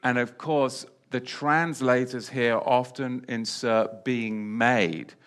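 Slow and medium in pitch, a male preacher works through his sermon by repeating important phrases and swinging from loud statements down to soft asides.

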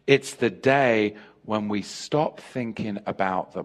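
A man's voice: fairly low pitch, fairly even intonation, slow, few pauses. An American man preaching a sermon, emphatic, joking and laughing with his congregation.

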